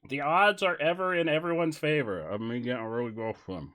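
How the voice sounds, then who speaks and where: A man streaming casually, joking and rambling through an improvised silly story, swinging from mumbles to loud bursts. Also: mid-range voice, brisk.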